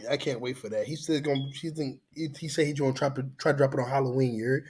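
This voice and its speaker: A man's voice: mid-range voice, fairly even intonation, fast, a little mellow, breathy edge. A man with a cold, bantering and laughing with friends, often saying "you know what I mean". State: sick. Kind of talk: casual banter.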